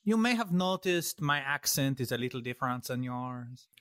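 A man's voice: medium pitch, animated, moderate pace, a bit bright, smooth, lightly acted. Man doing a hammy foreign courtier with a put-on accent. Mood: theatrical. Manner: theatrical, over-earnest put-on accent. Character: foreign-born courtier plotting against the queen. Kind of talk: improvised comedy audio play.

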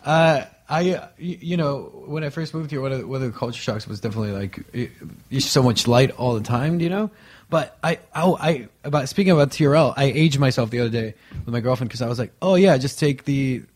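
A man in his thirties talking as a guest on a podcast, animated and laughing often. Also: mid-range voice, quick pace. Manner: animated, laughing, playful voices. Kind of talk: casual chat.

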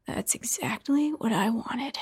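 Woman putting on a low, breathy murderous man. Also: measured pace. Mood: menacing. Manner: low hushed breathy menace. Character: cruel murderous adult man, menacing and cold.

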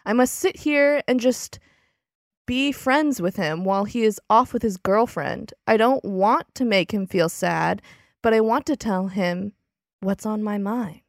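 A woman's voice: medium pitch, a little slow, no echo, studio quality. A woman co-hosting a podcast, casually chatting and reading her old diary aloud with giggly, playful drama. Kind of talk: casual chat.

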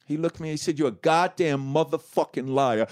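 A middle-aged man, a rapper as interview guest, telling his story candidly with profanity, restarts and acted-out quotes of other people. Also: fairly high pitch. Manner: animated, profane, acts out quoted dialogue; halting restarts and self-corrections.

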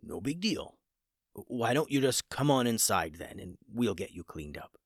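A man's voice: on the low side, big pitch swings, fairly quick, fairly bright tone, breathy edge, no room sound, clean studio sound, heavily acted. A man voicing an old male wizard who is clumsy but kindly and talks in a fretful, stammering way. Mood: reassuring.

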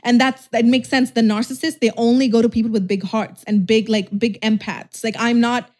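A woman's voice: on the high side, fairly even intonation, moderate pace, darkish tone. Chatty young woman rambling candidly. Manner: candid, rambling, heavy use of "like", frequent restarts; swears casually. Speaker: YouTuber. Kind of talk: casual storytime vlog.

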